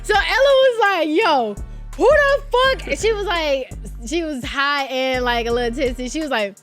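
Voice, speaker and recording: High-voiced young woman telling stories. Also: normal speed, faint music behind. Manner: animated storyteller, laughing and swearing. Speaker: guest. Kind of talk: casual chat.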